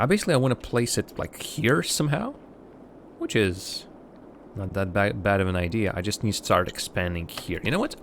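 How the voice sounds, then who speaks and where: A man from Latvia, a native Russian speaker, streams live gameplay and thinks out loud. His voice sits somewhat low but swoops around animatedly as he rambles, restarts and talks to viewers. A faint hum of noise lies underneath. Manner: chats to viewers between game remarks. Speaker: livestreamer.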